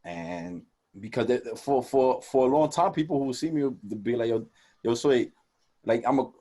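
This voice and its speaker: A young man co-hosting a casual podcast, talking in animated, profane street slang and acting out quoted conversations. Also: mid-range voice, moderate pace. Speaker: podcast co-host.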